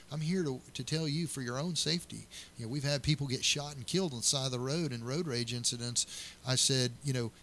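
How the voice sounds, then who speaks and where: A man's voice: mid-range voice, fairly bright tone, a little hiss or hum. A middle-aged man, a county sheriff, answering interview questions earnestly and telling stories with many restarts.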